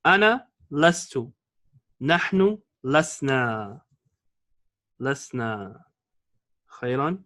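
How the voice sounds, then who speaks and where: With a high, fairly bright voice, a man teaches grammar to a classroom as an Arabic teacher. His explanations are patient, he alternates between English and Arabic, and he checks in frequently by asking "okay?" or "all right?"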